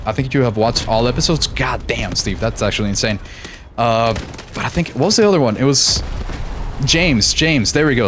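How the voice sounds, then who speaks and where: A man's voice: medium pitch, slight background noise. A young American man streaming a shooter game, chatting casually with his chat and laughing often. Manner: laid-back, laughs often, reads chat aloud. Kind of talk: casual live-stream chat while gaming.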